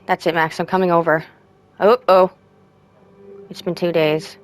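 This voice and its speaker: A woman streamer reading out in-game text messages in a soft, subdued way. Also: lowish voice, level tone, measured pace, soft background music. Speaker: gaming streamer. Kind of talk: reading game texts aloud.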